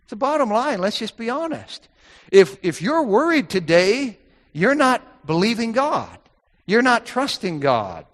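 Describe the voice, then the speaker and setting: A man's voice: high-pitched, big pitch swings, unhurried, a bit bright, long reverb tail. A man preaching a sermon, emphatic, repeating key phrases and quoting scripture in old-fashioned wording.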